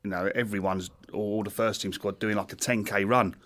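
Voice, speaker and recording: A man who is a guest on a football podcast, a former manager talking through old times in a measured, self-deprecating way. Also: on the low side, fairly even intonation, fairly bright tone. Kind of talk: casual podcast chat. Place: studio.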